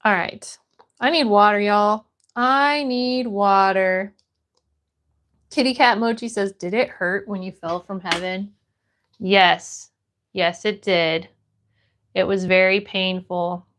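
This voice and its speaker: A woman from Florida runs a casual livestream, painting as she reads viewer messages aloud and responds. Her mid-range voice is a bit bright and steady in tone, slow, with frequent pauses.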